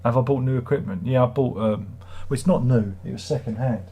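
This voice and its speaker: Rambling British man, husky voice. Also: mid-range voice, a little fast, warm tone. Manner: rambling, chatty, wry self-mocking. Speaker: livestream host. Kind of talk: casual livestream chat.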